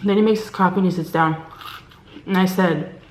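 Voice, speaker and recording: A woman's voice: fairly low pitch, normal speed, slight background noise. A woman vlogger casually telling a story from work, acting out what people said to her. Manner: chatty, animated quoting of others; drops to a hushed whisper at tense moments. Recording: echoey room.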